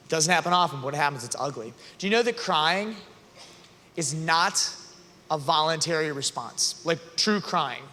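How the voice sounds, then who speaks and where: A man giving an earnest, conversational youth talk that builds to loud emphatic passages, recorded in a large arena hall. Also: on the high side, animated, normal speed, a little hiss or hum. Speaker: youth conference speaker. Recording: long hall reverb.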